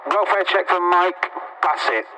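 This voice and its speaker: A man's voice: sits high, measured pace, pushed and bright, slight background noise, rough recording. A man putting on a mock-official announcer voice for a welfare-check call.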